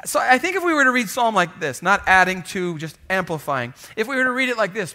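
A man preaching a sermon in an animated, lively way, often calling out to the congregation for a response. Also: high voice, fairly quick, few pauses. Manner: animated, calls for audience response. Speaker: pastor.

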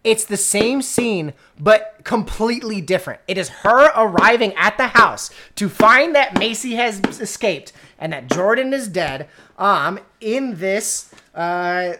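A woman's voice: mid-range voice, lively intonation, a little slow, hardly any pauses, bright, forceful tone. A woman co-hosting a podcast, recapping a book in casual chat with exasperated, sardonic emphasis and repeated punch lines. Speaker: podcast co-host reviewing a book.

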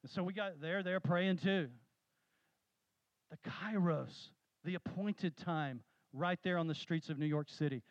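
A man preaching a sermon, telling stories with animated, rising emphasis. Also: fairly high pitch, a little slow, no room sound, dull audio. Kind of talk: sermon with storytelling.

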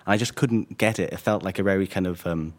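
A man, an author, reading his own fiction in a measured, wry way and answering questions. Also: sits low.

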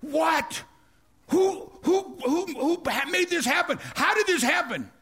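A man voicing an excitable ancient king who dotes on his queen and flares up fast, speaking in loud high bursts. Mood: outraged. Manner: bursting, exclamatory, pleading. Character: excitable ancient king, doting and quick-tempered.

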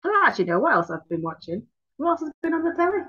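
A woman's voice: high-pitched, sing-song, rapid-fire, bright, forceful tone, highs cut off. A woman, co-hosting a casual chat in an easygoing, giggly way. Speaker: podcast co-host.

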